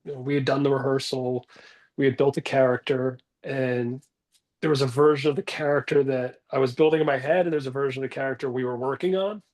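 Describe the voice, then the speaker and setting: A man's voice: medium pitch, steady tone, a little fast, a little mellow. A man in his forties telling stories about his acting career in a rambling, self-deprecating way, calling in from his bathroom at home. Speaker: actor guest. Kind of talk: casual interview talk.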